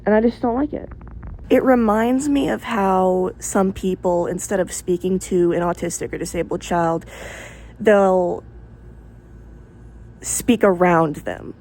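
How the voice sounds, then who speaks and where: A woman's voice: fairly low pitch, a little slow, pauses often, a little mellow, slight background noise. A woman talking straight to camera in a casual opinion monologue, blunt and candid, swearing freely and rambling through asides. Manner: rambling with many fillers and asides. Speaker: vlogger.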